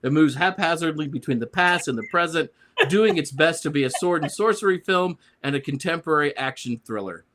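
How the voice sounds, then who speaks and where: A man's voice: a little high, expressive, a little fast, a bit bright. Sarcastic man reading a comic rant. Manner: sarcastic, grumbling. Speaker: panelist. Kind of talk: reading a prepared comic review.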